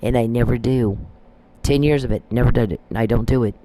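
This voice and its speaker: Man, podcast host, solo monologue, emphatic, repetitive, accusatory, average pitch, slight background hiss. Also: brisk.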